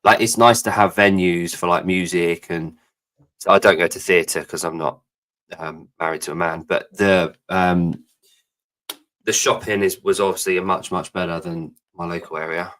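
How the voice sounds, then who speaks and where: A man's voice: deep voice, steady tone, normal speed, a bit bright. A man co-hosting a live podcast, rambling, jokey and swearing freely in casual chat. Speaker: podcast co-host.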